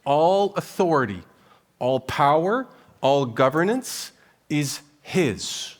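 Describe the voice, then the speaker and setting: A man's voice: a little high, lively intonation, takes it slowly. Young guy pastor preaching, punchy rhythmic lists, big echoey church hall. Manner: emphatic preaching with rhythmic lists and rising emphasis. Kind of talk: sermon. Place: church sanctuary. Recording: long hall reverb.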